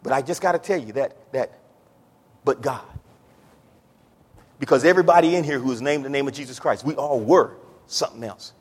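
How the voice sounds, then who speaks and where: A man preaching a sermon in a church, building from low, drawn-out talk to shouted, pleading prayer. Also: husky. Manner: Southern-style preaching cadence, says y'all. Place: church sanctuary. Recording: echoey church hall.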